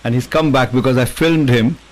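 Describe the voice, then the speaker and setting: A man hosting a casual video-call chat, an animated, talkative storyteller. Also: mid-range voice, brisk, poor audio. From India. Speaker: host.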